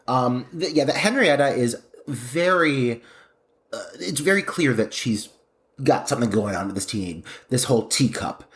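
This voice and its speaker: A man's voice: medium pitch, normal speed. A man co-hosting a podcast, enthusiastically describing movie scenes. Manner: animated, gushing with laughter. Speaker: podcast co-host. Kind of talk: casual film discussion.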